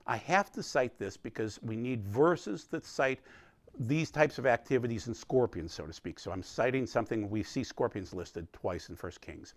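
A man's voice: mid-range voice, lively intonation, normal speed, no echo. A man teaching a recorded Bible study, explaining with emphatic energy.

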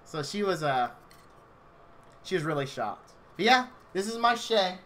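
A man's voice: sits high, very animated, unhurried, fairly bright tone, a little hiss or hum. A man in his thirties telling a rambling personal story on a live game stream, chatty and full of "like".

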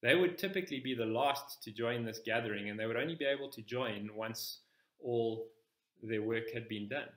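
A man preaching a sermon in church, explaining scripture in a measured, step-by-step teaching manner. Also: mid-range voice, fairly bright tone, reverberant.

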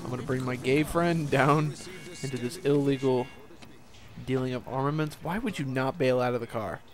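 A man's voice: medium pitch, moderate pace. A young man giving casual, profane let's-play commentary over a game, rambling and laughing at himself. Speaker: gameplay commentator.

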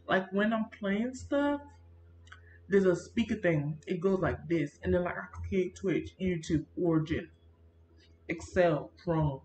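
A woman's voice: on the low side, measured pace. Chatty woman on an echoey laptop mic. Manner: rambling, animated, talks to viewers as y'all. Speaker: gaming YouTuber. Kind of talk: casual chatty vlog narration. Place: home room near a busy street. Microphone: built-in computer mic.

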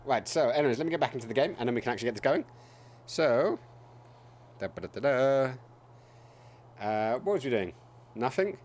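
A man's voice: mid-range voice, expressive, very fast, a little mellow. A man casually commentating a game on a live stream from a home desk mic, chatty and playful. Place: home room. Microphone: desk microphone.

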